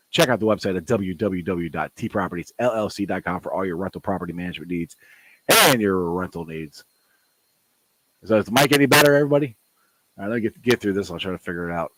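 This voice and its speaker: A man hosting a live sports podcast, talking loudly and excitably with frequent laughs. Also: deep voice, fast, rough recording. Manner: loud and excitable, laughs often. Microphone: desktop mic set too close.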